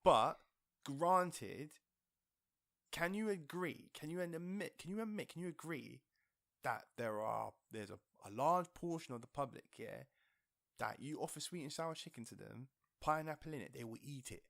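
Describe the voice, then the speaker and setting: A man's voice: a little high, animated, normal speed, vocal fry, a bit bright, no echo, clean studio sound. A man on a podcast, arguing insistently in casual chat, swearing and repeating himself. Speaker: podcast co-host. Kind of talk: heated casual argument.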